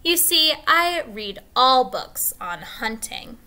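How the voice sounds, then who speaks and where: A woman's voice: high-pitched, very animated, slow pace, bright, forceful tone, pitched above the performer's own voice, full character voice. A woman doing a suave, courtly hunter general. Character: suave aristocratic middle-aged male hunter general.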